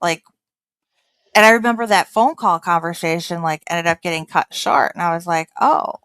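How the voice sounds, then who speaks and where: A woman chatting casually, telling a story with lively acted-out quotes and frequent laughter. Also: on the low side, moderate pace, clean tone, no echo. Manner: animated, acts out quotes, laughs often. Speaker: podcast host.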